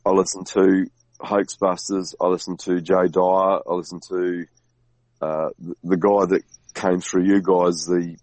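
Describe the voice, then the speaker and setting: Deep-voiced man rambling about podcasts. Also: little pitch movement, a little mellow, no echo, poor audio. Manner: rambling, halting, many restarts and fillers. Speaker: podcast guest. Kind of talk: casual conversation.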